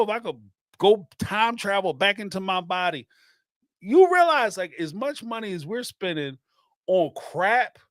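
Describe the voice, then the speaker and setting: A man's voice: on the high side, no room sound, studio quality. A middle-aged man hosting a podcast, telling rambling, laughing stories in a casual chat. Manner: laughing, rambling, animated storytelling. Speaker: podcast host.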